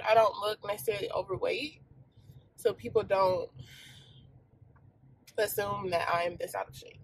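A woman vlogging to camera on her phone, talking candidly and emotionally, halting often with fillers. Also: medium pitch, slight background noise, low-quality recording.

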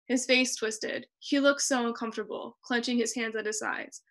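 A young woman reading her own personal essay aloud over a video call, in a measured and expressive way. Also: a little high. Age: young adult. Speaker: student reader.

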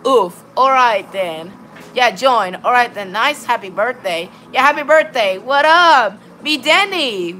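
A woman's voice: a little high, lively intonation, a little slow, pushed and bright, a little hiss or hum. A woman live-streaming a game, chatting to her viewers in a rambling way and greeting them by name. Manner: rambling, repeats "all right, then" and "of course". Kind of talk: casual live-stream chat while gaming.

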